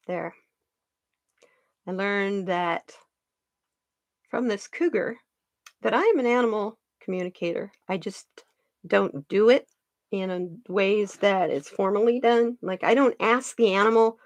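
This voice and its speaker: Brief: mid-pitched woman host, earnest storyteller, dry close sound. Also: measured pace, long pauses, no echo. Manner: earnest, animated, trailing restarts. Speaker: card reader and channel host. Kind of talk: casual storytelling chat.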